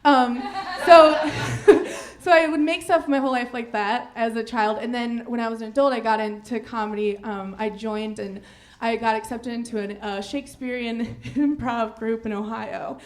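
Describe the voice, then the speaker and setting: Giggly rambling woman comedian, high voice. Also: moderate pace. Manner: giggly, rambling, self-mocking. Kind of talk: live storytelling stand-up.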